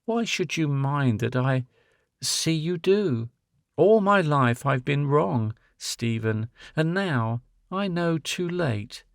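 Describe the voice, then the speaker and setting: A man's voice: on the high side, animated, takes it slowly, no room sound, clean studio sound. A man reading as a tender, resolute woman.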